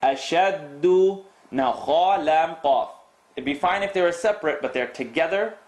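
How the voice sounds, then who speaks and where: A man teaching Quran recitation rules, reciting verses and repeating sounds slowly to correct students. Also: on the high side, lively intonation, echoey room. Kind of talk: tajweed lesson with recited demonstrations.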